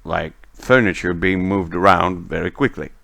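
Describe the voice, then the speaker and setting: A man running a tabletop game as game master, narrating the scene in an unhurried way. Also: low voice, creaky. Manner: unhurried, lively narration with laughs.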